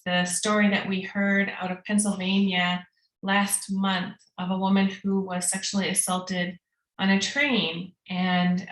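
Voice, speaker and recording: A woman's voice: medium pitch, echoey room, poor audio. A woman opening a panel discussion as its director, talking in an earnest, casual way with many restarts over a video call. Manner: earnest, frequent fillers and restarts. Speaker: executive director, panel opener.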